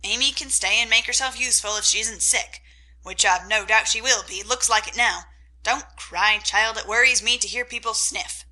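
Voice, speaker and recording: A woman voicing a gruff, sharp-tongued older aunt. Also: fairly high pitch, normal speed, rough recording.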